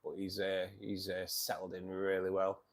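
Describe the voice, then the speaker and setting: A man's voice: sits low, monotone, moderate pace. A tired man hosting a fishkeeping live stream, chatting casually, reading viewer comments and calling everyone mate. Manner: chatty, says "mate" often, rambling restarts.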